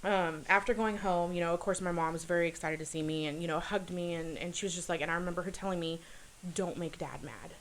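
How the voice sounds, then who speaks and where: A woman telling a personal story as a podcast guest, earnest and halting, with many fillers and restarts. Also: fairly low pitch, fairly even intonation, slight background noise, low-quality recording. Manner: earnest, confessional.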